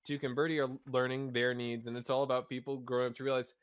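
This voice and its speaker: A man's voice: mid-range voice, level tone, fast talker, clear, resonant tone, no echo. Earnest young man, dry close sound. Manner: earnest, analytical, stumbles and restarts. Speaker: podcast co-host. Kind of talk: casual chat.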